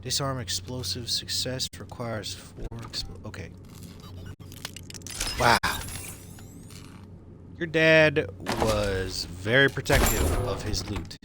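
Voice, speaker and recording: A man streaming a game live, commenting excitedly and swearing often. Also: mid-range voice, slow pace, long pauses. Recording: noisy stream audio.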